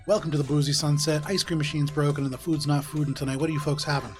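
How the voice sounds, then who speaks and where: A man voicing a small, busy bartender who talks in a brisk, chatty way. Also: a little high, steady tone, soft background music, close to an everyday voice.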